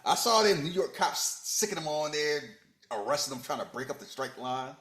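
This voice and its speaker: A man hosting a podcast in casual movie chat, joking and animated, jumping from loud bursts to low muttering. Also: moderate pace. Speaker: podcast host. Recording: roomy echo.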